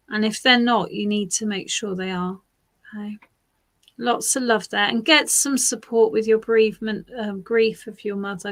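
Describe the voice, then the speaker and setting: A woman giving a live psychic reading, speaking in a gentle, reassuring way and often repeating phrases softly. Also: medium pitch. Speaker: psychic reader.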